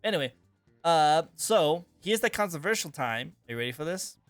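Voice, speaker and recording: A man's voice: a little high, animated, normal speed, no echo, soft background music. A man hosting a casual interview, playful and teasing, laughing a lot, on a streaming mic. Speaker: host interviewer. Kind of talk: casual chat.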